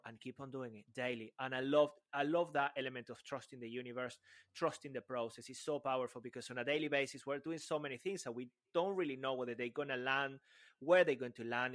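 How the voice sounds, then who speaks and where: A man's voice: medium pitch, fairly bright tone. A man co-hosting a podcast, effusive and playful, heaping praise on his guest. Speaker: podcast co-host. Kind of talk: casual podcast chat.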